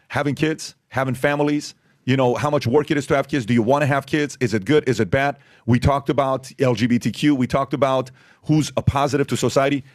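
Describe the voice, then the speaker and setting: A man speaks quickly and insistently in casual podcast talk, piling up rhetorical questions. His voice sits at a middle pitch. The sound is dry and close, with no room echo. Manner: emphatic, repeats rhetorical questions. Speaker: podcast host.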